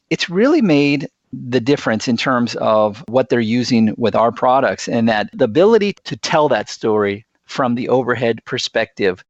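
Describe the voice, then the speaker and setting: A man's voice: mid-range voice, dry recording, lo-fi sound. A man speaking as a podcast guest, earnest and enthusiastic as he tells stories. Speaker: guest, sales executive. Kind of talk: podcast interview.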